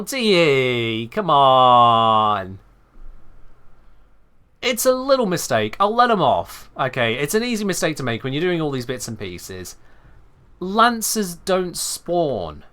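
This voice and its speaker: A British man streaming a game, giving chatty, animated live commentary. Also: fairly high pitch, smooth. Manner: chatty, animated, self-correcting.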